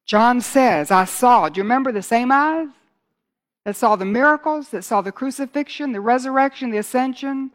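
Fervent woman preacher, hushed to ringing. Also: a little high, normal speed. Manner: builds from hushed to loud and fervent. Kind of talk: sermon.

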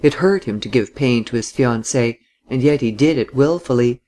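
A man reading a novel aloud as narrator, in an even, measured storytelling voice. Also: mid-range voice.

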